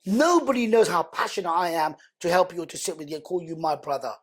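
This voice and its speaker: A man, a podcast guest telling personal stories in an animated way and acting out what other people said. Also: a little high, quick pace, breathy edge. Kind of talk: emotional storytelling in conversation.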